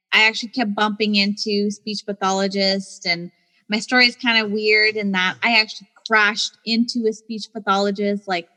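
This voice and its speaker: A woman speech pathologist telling a story in a casual, animated way, acting out quoted voices and laughing often. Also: mid-range voice, long reverb tail, rough recording. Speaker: guest speech-language pathologist.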